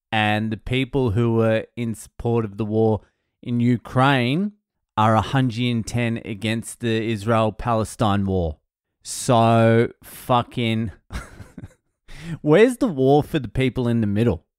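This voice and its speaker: A man with a fairly low voice delivers a sardonic comedic rant, full of swearing and rambling tangents. The sound is dry and close, with no room around it. He sounds like a comedian in his thirties hosting his own show. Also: a little mellow, clear, resonant tone, no room sound. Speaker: comedian host.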